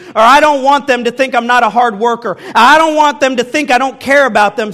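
A man's voice: very high-pitched, fairly bright tone. A man from the American Midwest, a pastor giving a candid sermon, telling personal stories and speaking straight to his congregation with self-deprecating humor.

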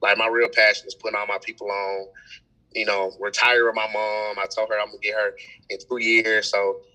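A young man telling stories in a casual podcast chat, animated and full of slang. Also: fairly low pitch, brisk, low-quality recording. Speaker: event host and promoter.

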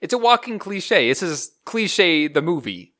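A young man chats through a casual movie review, his pitch rising and falling with lots of energy. He rambles from one tangent to the next while picking the film apart. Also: unhurried. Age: young adult. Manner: animated, rambling, critical. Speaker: movie review podcast co-host.

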